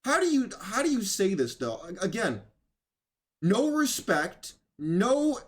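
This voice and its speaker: Sarcastic male political commentator, higher voice. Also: sing-song, slow pace. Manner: sarcastic, mocks others in put-on voices; rambling, with restarts.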